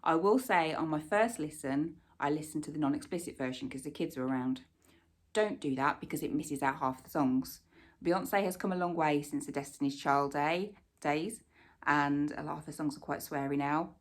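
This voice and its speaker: A woman, chatting casually about her monthly favourites, rambling warmly with plenty of fillers and asides. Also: sits low, gravelly. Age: 40s. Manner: warmly enthusiastic recommendations. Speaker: lifestyle vlogger. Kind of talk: casual product-favourites chat.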